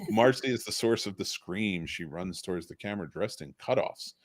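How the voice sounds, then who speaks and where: A man hosting a charity livestream, reading script stage directions in a plain, steady way. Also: fairly low pitch, moderate pace, dry recording. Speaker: stream host.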